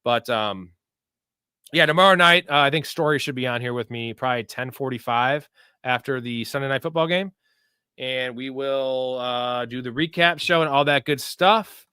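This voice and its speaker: A man's voice: mid-range voice, a little fast, pushed and bright, clean tone, no echo, clean studio sound. A young man hosting a live sports betting show, chatting casually and loosely with viewers in profane, hyped-up bro talk. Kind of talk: casual livestream chat answering viewer questions.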